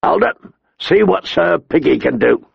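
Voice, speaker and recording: A man narrating a story and voicing a cruel, mocking master-at-arms who speaks in a sharp, cold voice. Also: fairly high pitch, expressive, measured pace, gravelly, husky, no room sound, dull audio, voice pushed up, full character voice. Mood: cold taunting. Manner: taunting, mocking.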